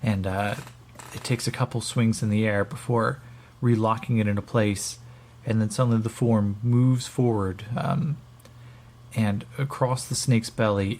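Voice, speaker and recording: A man with a gravelly voice narrating as game master, rambling with many fillers. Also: lowish voice, steady tone, normal speed, a little mellow, a little hiss or hum.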